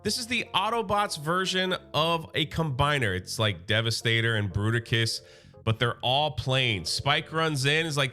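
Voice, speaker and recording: A man recapping a comic book in a casual, slangy, excited way. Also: on the high side, moderate pace, faint music behind.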